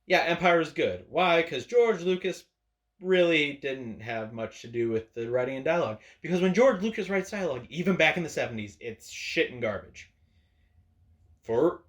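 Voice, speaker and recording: A man's voice: fairly high pitch, expressive, moderate pace. A man hosting an opinion video, ranting sarcastically and swearing freely at the camera. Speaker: video host. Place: indoors at a camera.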